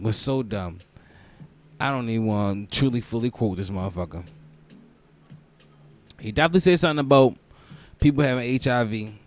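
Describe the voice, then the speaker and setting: A young man hosting a comedic podcast, ranting in a loose, profane way and bursting into loud mocking quotes. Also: fairly low pitch. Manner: profane, animated storytelling with loud mock quotes. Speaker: podcast host. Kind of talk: casual comedic podcast rant.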